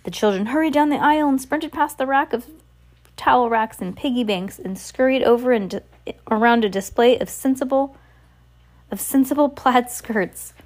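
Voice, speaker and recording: A woman's voice: fairly high pitch, moderate pace. A woman reading a novel aloud in a casual way, with small slips and restarts. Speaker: reader.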